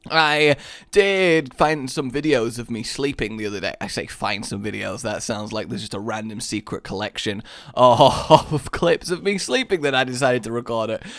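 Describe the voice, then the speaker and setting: A man giving casual let's-play commentary as a gaming YouTuber, rambling and self-mocking, breaking into excited yelps. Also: medium pitch, moderate pace, dry recording, clean studio sound.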